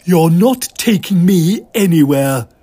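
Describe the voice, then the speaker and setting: A man voicing a brisk, sharp-eyed woman spy who speaks in a terse, confident way. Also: high voice, wildly swooping pitch, breathy edge, dry recording, pitched above the performer's own voice, heavily acted. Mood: defiant.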